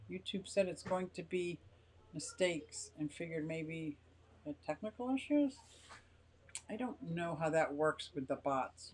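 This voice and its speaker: An older woman hosting a casual live stream from her home garage, chatting in a rambling way and reading viewer comments aloud. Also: lowish voice.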